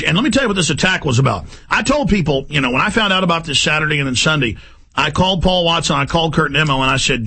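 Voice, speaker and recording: Male talk host, high gravelly voice, husky edge, ranting monologue delivery. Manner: forceful, ranting, emphatic repetition. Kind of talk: impassioned monologue.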